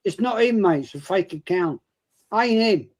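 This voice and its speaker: A man's voice: sits high, animated, moderate pace. A man on a live-stream chat, brash and challenging, swearing often.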